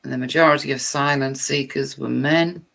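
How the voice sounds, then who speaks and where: Woman, vlogger, reads text aloud, sarcastic irritated comments, bright tense tone, gravelly. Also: extremely low pitch, steady tone, normal speed.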